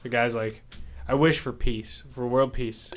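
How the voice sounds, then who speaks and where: A man's voice: medium pitch, fairly even intonation, a little slow. A young man co-hosting a podcast, telling jokes in casual chat and laughing as he goes. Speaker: podcast co-host.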